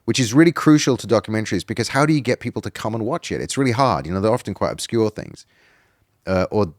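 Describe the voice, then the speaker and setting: A middle-aged British man tells a long story as a podcast guest, circling back and restarting his sentences as he goes. His voice sits a little low. The sound is close and dry. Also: expressive, fast, no room sound. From Britain. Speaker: documentary filmmaker guest. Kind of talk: casual podcast conversation.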